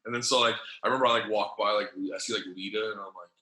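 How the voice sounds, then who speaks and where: Profane man telling stories, bright tone. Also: lowish voice, fairly even intonation, quick pace. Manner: loose, profane, slangy storytelling. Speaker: podcast guest, former wrestler. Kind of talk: casual storytelling. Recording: echoey room.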